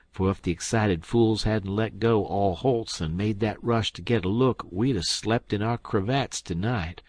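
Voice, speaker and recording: A brisk, scornful swindler, as a male reader puts him on. He snaps out sarcastic jabs in a low, husky voice. The recording is dry and close. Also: darkish tone, dry recording.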